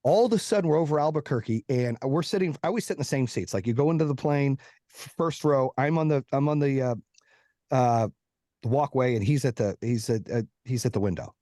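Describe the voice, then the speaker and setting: Speaking in a mellow, mid-range voice, a man appearing as a podcast guest spins a lengthy, fast-moving personal tale full of swearing. He performs the quotes of each person involved. There's no room sound, and the quality is studio-grade.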